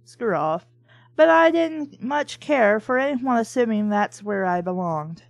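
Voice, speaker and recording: A woman reads a novel aloud, stopping often to mock it with sarcastic, swearing asides. Her voice is a little high-pitched, and the recording is dry and close with no room echo. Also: animated, a little slow, gravelly. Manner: sarcastic, profane, mocking. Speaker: book reviewer and reader. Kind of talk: sarcastic comedic read-along commentary.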